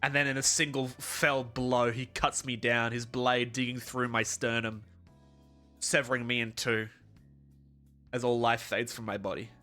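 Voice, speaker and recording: A man's voice: medium pitch, little pitch movement, unhurried, sharp tone, faint music behind. A young man chatting on a live stream, swearing freely, ranting and slipping into mock-heroic storytelling. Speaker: livestreamer. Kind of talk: casual live-stream chat.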